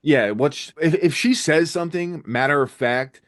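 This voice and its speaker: A young man co-hosting a casual TV recap chat, talking quickly and enthusiastically and swearing freely. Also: on the high side. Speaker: podcast co-host.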